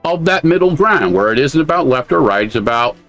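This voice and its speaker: A man's voice: fairly high pitch, lively intonation, brisk, a bit bright, soft background music. An American man co-hosting a podcast, giving blunt, casual commentary with a lot of swearing. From United States. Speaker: podcast co-host.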